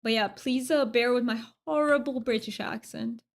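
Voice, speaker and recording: A woman's voice: fairly high pitch, moderate pace. A woman streamer chatting casually while she plays, rambling with fillers and restarts. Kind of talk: casual gaming stream chat.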